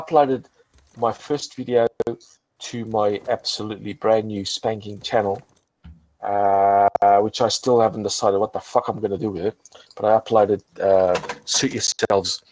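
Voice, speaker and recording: A low-voiced man talks casually on a call, clearly drunk. He rambles, restarts his sentences and swears freely. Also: darkish tone, rough recording. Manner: rambling, stumbling, many restarts and profanity. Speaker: channel host. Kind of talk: casual chat on a group voice call.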